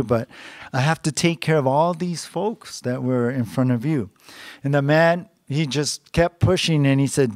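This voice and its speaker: A man's voice: mid-range voice, no echo. Conversational male pastor, dry sound. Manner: conversational, with frequent "you know" and small laughs. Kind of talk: sermon.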